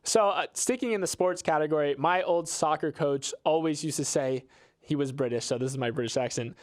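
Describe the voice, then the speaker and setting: Male co-host, fairly high voice, playful and joking. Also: a little fast. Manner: jokey, playful. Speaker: podcast co-host. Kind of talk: casual podcast chat.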